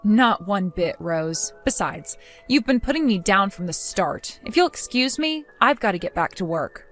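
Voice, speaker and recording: A woman voicing a fed-up young wife who answers her mother-in-law with mocking sarcasm, in an animated story drama. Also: mid-range voice, moderate pace, soft background music, lightly acted. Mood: sarcastic.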